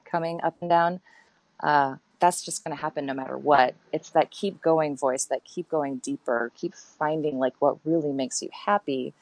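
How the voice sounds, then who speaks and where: A woman's voice: low voice, steady tone, moderate pace, a little mellow, no echo, poor audio. A woman in her thirties, a guest in a casual interview, talking candidly and reflectively with many fillers and restarts.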